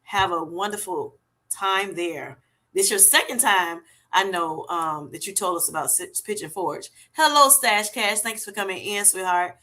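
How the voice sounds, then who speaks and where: A woman's voice: medium pitch, measured pace, bright, forceful tone. A woman hosting a casual livestream, chatty, filling her talk with "you know" and "y'all" as she reads viewer comments aloud. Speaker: livestream host.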